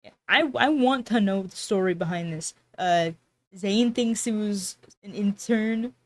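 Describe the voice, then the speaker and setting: A woman talks loosely to her stream in a mid-pitched voice. She is sarcastic and rambling, often breaking off a sentence to start it again. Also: unhurried, no room sound. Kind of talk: casual livestream chat.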